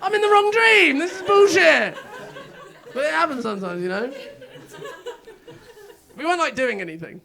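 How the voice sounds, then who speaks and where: Man, very high voice, stand-up comedian, rambling self-mocking delivery, live crowd laughing. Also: expressive, moderate pace, vocal fry, long pauses. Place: comedy club stage before a live audience. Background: audience laughter.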